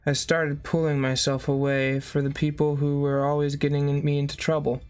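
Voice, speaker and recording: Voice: medium pitch, completely flat delivery, normal speed, darkish tone, clean tone. A reader reading a memoir aloud in a plain way, breaking off now and then for short spoken asides.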